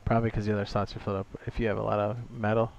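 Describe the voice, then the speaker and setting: Relaxed low-voiced man gaming with a friend. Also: very fast, gravelly, highs cut off, heavy background noise. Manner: relaxed, offhand remarks with chuckles. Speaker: fellow player. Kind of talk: casual gaming chat.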